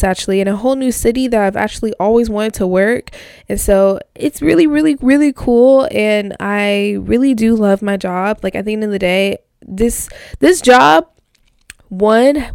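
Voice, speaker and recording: Young woman, home vlogger, smooth voice, dry close mic, candid and raw, curses casually. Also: medium pitch, a little mellow, no room sound. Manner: emotional, swears freely, many fillers. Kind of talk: casual diary vlog. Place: home, indoors.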